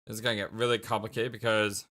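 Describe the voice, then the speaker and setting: A man's voice: lowish voice, flat delivery, quick pace, sharp tone. A man hosting a story game let's play who laughs often and talks in a casual, giggly way.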